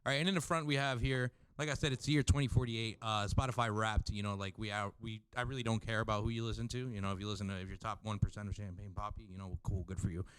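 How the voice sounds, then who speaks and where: A man's voice: lowish voice, fairly even intonation, quick pace, hardly any pauses, fairly bright tone, clean tone, no echo. A man hosting a podcast, chatting in a laid-back way and swearing casually. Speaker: podcast host. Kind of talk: casual chat.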